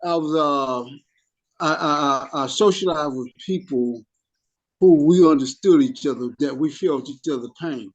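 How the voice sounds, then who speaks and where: A man's voice: a little high, measured pace, dull audio. A middle-aged man who spent time in prison, sharing a heated story in a support group and often stammering and restarting his sentences. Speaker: formerly incarcerated group member.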